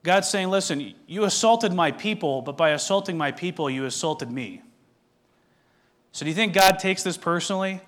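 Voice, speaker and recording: Higher-voiced man preaching a sermon. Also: a bit bright. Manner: reads scripture aloud, then explains it; measured, asks the listeners direct questions. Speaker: pastor.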